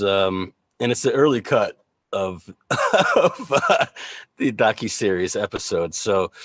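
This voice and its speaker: A man's voice: low-pitched, a bit bright, no room sound. A man hosting a casual livestream chat, joking, laughing often and rambling with fillers over a video call. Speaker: host.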